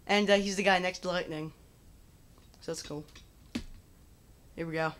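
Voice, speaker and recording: A young adult playing a racing game and commenting in an excitable, exclaiming way. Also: mid-range voice, moderate pace, clear, resonant tone. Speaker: game player. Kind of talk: let's play commentary.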